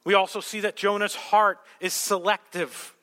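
A man preaching a sermon, emphatic and rhetorical, telling the story with animated asides. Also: high voice, normal speed, in a large hall. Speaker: pastor.

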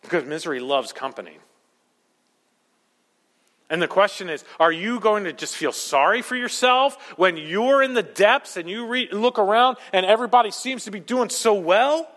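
A man preaching a sermon as pastor, emphatic, swinging between loud rising peaks and quiet low asides. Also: animated, normal speed. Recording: long hall reverb.

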